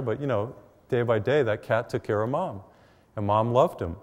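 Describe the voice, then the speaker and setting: A man's voice: medium pitch, moderate pace, in a large hall. A middle-aged man, a priest, giving a conversational televised sermon full of personal stories, recorded in a church. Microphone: mic while facing cameras.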